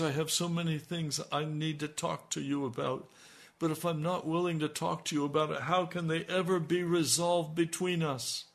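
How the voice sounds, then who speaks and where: A man's voice: a little high, gravelly. A middle-aged male pastor giving a radio sermon and praying earnestly, pleading as he goes. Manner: earnest, pleading prayer that rises in intensity.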